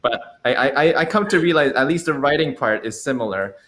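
A young man from Canada hosting a livestream interview, chatty and animated, laughing easily. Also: medium pitch, a little fast. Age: young adult. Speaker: host.

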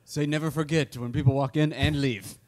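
A man's voice: a little high, steady tone, fairly quick. A young man co-hosting a comedy podcast, trading playful, absurd riffs in casual chat. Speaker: podcast co-host.

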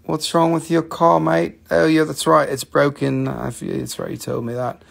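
A man's voice: a little high, monotone, normal speed, gravelly. A man hosting a casual live stream that sells stones, joking and chatting back to viewers in a loose way and swearing now and then. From United States, Appalachian region. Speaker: host of a live shop stream selling minerals. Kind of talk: casual live-stream sales chat, reading chat comments.

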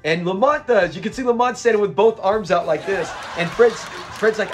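A young man casually breaking down a sitcom episode, excitable and often laughing as he retells scenes. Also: high-pitched, normal speed, hardly any pauses, music in the background. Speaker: show reviewer.

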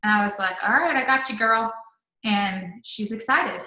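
A chatty, upbeat woman talks her team through how she messages new recruits. Her voice is bright and forward, with lots of "um" and "like" as she goes. The room around her rings with noticeable echo. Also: medium pitch, moderate pace. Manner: upbeat, chatty, says "um" and "like" often. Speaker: network marketing leader. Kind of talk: casual live-stream training talk.

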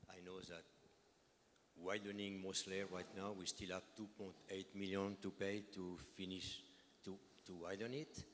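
Deep-voiced man with a French accent. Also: level tone, a bit bright. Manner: halting, many "uh" pauses. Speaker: resident asking a question. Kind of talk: public meeting question. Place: public meeting hall. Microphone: handheld microphone. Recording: long hall reverb with faint noise.

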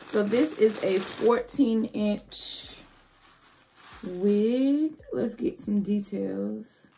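A woman's voice: mid-range voice, extremely slow, creaky, warm tone, slight background noise. A woman hosting a casual wig review vlog, chatty and playful, talking straight to her viewers. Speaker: beauty vlogger.

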